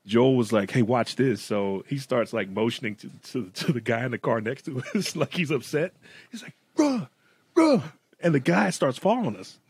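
A man's voice: mid-range voice, brisk, hardly any pauses, breathy edge, no room sound. A man co-hosting a casual podcast, telling rambling stories and laughing through them. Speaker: podcast co-host.

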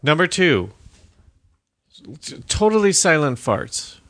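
A man who is a guest on a comedy podcast, bantering in a deadpan, mock-offended way. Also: a little high, takes it slowly, no echo.

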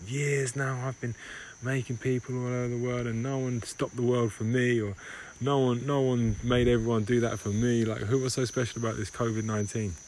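A man's voice: mid-range voice, little pitch movement, fairly quick, hardly any pauses, darkish tone, pitched above the performer's own voice, lightly acted. A man voicing a gang of old disease viruses complaining, indignant and incredulous, in a comic sketch voice. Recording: home recording with clear background noise.

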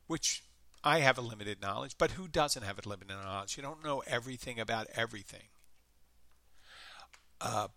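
A man's voice: mid-range voice, vocal fry, bright, forceful tone, no echo. A man with a Philadelphia accent hosting his own podcast, chatting in a rambling, self-deprecating way. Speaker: podcast host. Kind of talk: casual solo podcast chat.

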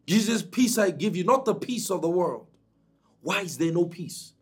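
Man preaching, high voice, husky, swoops way up and down. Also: animated, moderate pace. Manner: emphatic preaching with dramatic pitch swings. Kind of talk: sermon.

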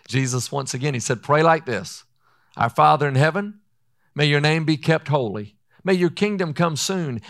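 Man, preacher, earnest sermon voice, slightly high pitch, slow scripture reading. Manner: earnest, often says "listen".

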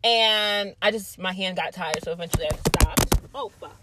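A young adult woman telling a casual, animated storytime, swearing freely and using lots of fillers. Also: fairly low pitch, moderate pace, very noisy. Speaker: vlogger.

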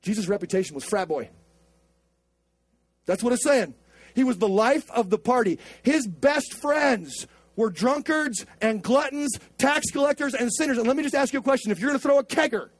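A male pastor preaching loosely, joking and slangy. His voice is fairly high, and the recording is dry with little room sound. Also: animated, moderate pace, no room sound. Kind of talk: casual preaching.

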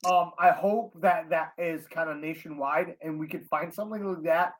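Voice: mid-range voice, steady tone, normal speed. Blunt, wisecracking stream co-host. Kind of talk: casual livestream video reaction chat.

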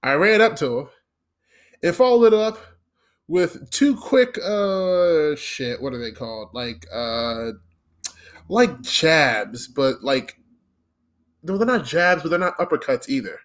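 A man's voice: a little high, animated, slow pace. A man telling a funny story in a casual, profane way, laughing often and acting out the other people's lines. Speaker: podcast host telling a story.

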